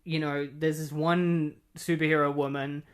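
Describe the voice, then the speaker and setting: A man's voice: fairly high pitch, level tone, measured pace, clean tone. A man walks through a comic book plot in a loose, rambling way. He leans on filler words and sounds openly incredulous at what he is retelling. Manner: incredulous, keeps insisting he is not kidding. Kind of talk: casual recap of a comic.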